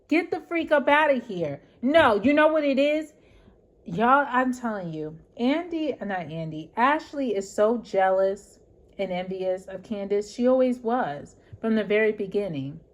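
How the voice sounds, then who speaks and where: A woman vlogger delivering an opinionated rant recap of a reality show, emphatic and talking straight to her viewers. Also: high-pitched.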